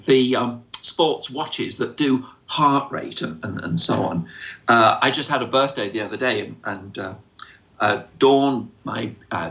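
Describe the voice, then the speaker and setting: A man answers questions as an autism expert in an informal explanatory talk, using many fillers and acting out quoted voices. His medium-pitched voice is bright and forceful, and the lo-fi recording sounds slightly dull.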